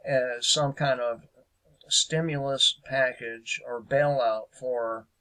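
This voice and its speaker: A man's voice: mid-range voice, fairly even intonation, takes it slowly, pushed and bright, poor audio. A man hosting a casual political commentary show, speaking hesitantly with lots of fillers and a sarcastic edge.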